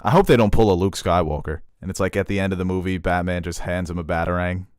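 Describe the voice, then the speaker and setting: A man's voice: low voice, fast talker, a little mellow, smooth, dry recording, clean studio sound. A young man co-hosting a casual podcast chat, joking around and riffing. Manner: joking, jumps into silly voices. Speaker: podcast co-host. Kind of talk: casual movie trailer chat.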